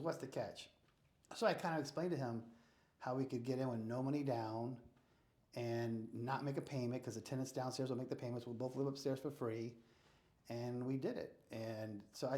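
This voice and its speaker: An American real estate investor speaks briskly in a medium-pitched voice, telling stories as an interview guest and acting out who said what with animated energy. His voice echoes in the room.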